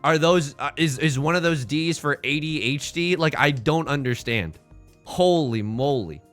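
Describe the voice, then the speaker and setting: A man's voice: on the high side, moderate pace, faint music behind. A man streaming, chatting casually and jokingly with viewers while playing a game. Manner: rambling, jokey, animated asides.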